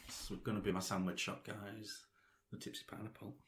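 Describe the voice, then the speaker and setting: A man's voice: lowish voice, little pitch movement, a little fast, a bit bright, slight background noise. Blunt, sweary man. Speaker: podcast co-host. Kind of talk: casual film review chat.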